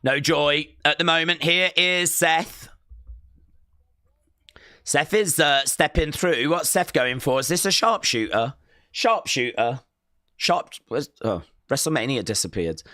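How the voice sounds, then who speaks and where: A man hosts a live reaction stream with a bright, forward voice. He lingers over his words and repeats his points, then bursts into shouts at the big moments. The sound is dry and close. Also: fairly high pitch, slow, no echo. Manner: excitable, shouts counts and moves, repeats himself. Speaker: live-stream watch-along host. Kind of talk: excited live reaction commentary.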